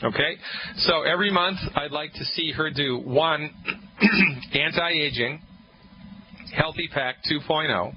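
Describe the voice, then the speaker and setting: A man's voice: fairly high pitch, slow. A male radio show host giving call-in advice in an upbeat, salesy way, repeating his key points. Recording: muffled radio broadcast with faint noise.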